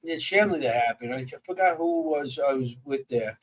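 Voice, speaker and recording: Excitable man, slightly off-mic. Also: medium pitch, distant mic, rough recording. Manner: animated storyteller, quick to get excited and restart sentences. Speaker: paranormal investigator. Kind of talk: casual chat.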